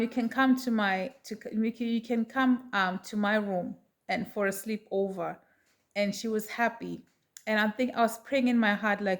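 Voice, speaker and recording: A middle-aged woman telling a personal story to her viewers in a chatty, animated way. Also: mid-range voice. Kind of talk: casual storytelling to camera.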